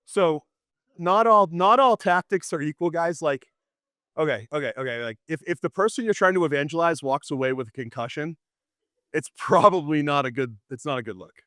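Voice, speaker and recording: Man, teacher, lively classroom talk, storytelling, quick restarts, dry sound. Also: fairly high pitch, dry recording. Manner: animated, storytelling, frequent restarts and laughs. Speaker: apologetics teacher. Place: classroom with students.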